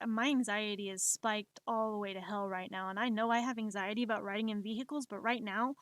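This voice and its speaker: A woman's voice: mid-range voice, dry recording. A young woman streamer telling a personal story in a casual, anxious way, often stammering and repeating herself. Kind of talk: storytelling during a live art stream.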